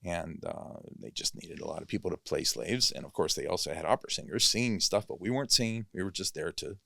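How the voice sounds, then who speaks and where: Deep-voiced man telling a rambling story. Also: fast talker, vocal fry, bright, forceful tone, no room sound, clean studio sound. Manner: rambling, self-correcting, fills with "you know". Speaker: actor and guest. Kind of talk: casual storytelling interview. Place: podcast studio.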